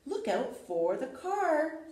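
A woman's voice: sits high, big pitch swings, slow, a little mellow, pitched above the performer's own voice, exaggerated voice. Woman reading as Cleo, an eager copycat cat. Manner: eager, one-upping. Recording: roomy echo.

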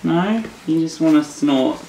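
Guy cooing baby talk at his new puppy, slow and gentle, roomy echo. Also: a little high, animated, creaky. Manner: soft doting baby talk, shushing. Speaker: vlogger. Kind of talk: casual chat with a new puppy. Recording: roomy echo, faint room noise.

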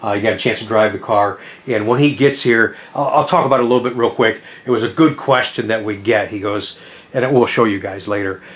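A man hosting a car vlog at a dealership, chatting in an enthusiastic, casual way with quick asides. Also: fairly low pitch, a bit bright. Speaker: Corvette salesman and channel host.

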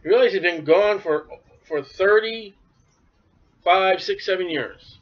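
A man's voice: high voice, slow. A man preaching a sermon, talking animatedly and acting out the voices of biblical figures. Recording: dull lo-fi recording.

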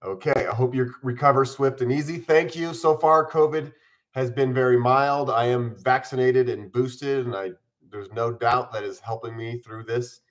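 A man's voice: mid-range voice, fairly even intonation, normal speed. A man in his forties hosting a casual live stream from home, chatting upbeat and eating on camera while mildly ill.

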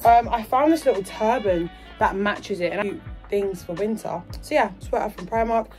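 A teenage girl from England chats in a bubbly, casual way through a shopping haul vlog. Her voice is mid-range and darkish, at a normal speed, with faint music in the background.

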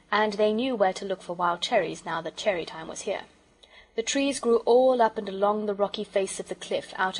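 A woman narrating a children's audiobook in a gentle, measured storytelling manner. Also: medium pitch, husky, rough recording.

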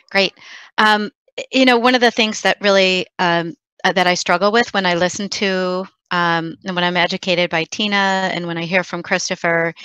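A woman with a bright, clear voice talks thoughtfully on a video call, pausing on fillers as she works through her ideas. The sound is close and dry. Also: on the low side, no room sound, low-quality recording. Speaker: panelist. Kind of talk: conversational panel discussion.

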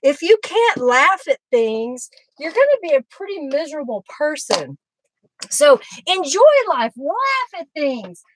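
High-voiced chatty woman. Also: very animated, unhurried, a little hiss or hum, poor audio. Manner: chatty, laughs often between sentences. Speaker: craft livestream host. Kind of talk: casual live craft demo chat.

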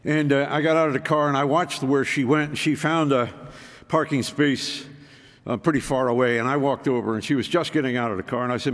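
A man's voice: mid-range voice, fairly even intonation, fairly quick. A man giving a folksy, self-deprecating storytelling talk with frequent restarts. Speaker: speaker. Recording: reverberant hall.

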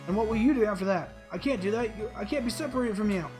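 An emotional young boy hero, put on by a man reading a game aloud, pitches his voice up and pleads hard. Game music plays steadily behind him. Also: quick pace, a little mellow, lightly acted. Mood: pleading. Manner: raised, pleading and upset. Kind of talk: let's play voice reading.

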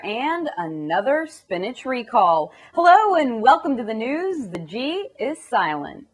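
A woman's voice: fairly high pitch, slightly rough. A young woman hosting a comic news parody, delivering headlines with sarcastic asides. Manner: sarcastic, mocking impressions.

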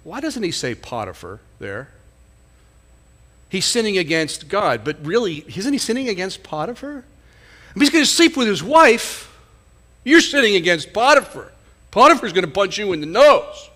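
Male pastor, high and bright-toned, conversational sermon delivery full of rhetorical questions. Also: big pitch swings, moderate pace.

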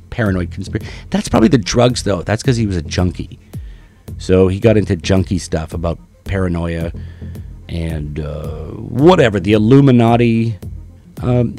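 A man rants in a lowish voice, sneering and swearing, stopping often on fillers. Faint music plays behind him. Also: dark tone. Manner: profane, sneering, halting with fillers. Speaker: commentary video host. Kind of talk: ranting commentary.

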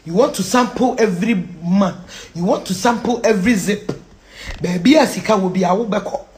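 A Ghanaian woman giving a preachy moral lecture, mixing Twi and English, jumping from shouts down to hushed near-whispers. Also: medium pitch, moderate pace, a little hiss or hum. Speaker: social commentator.

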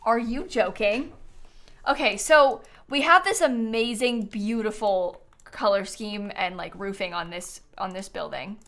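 A woman's voice: mid-range voice, a little slow, a bit bright. A woman streaming a game, gushing and giggling in casual live commentary.

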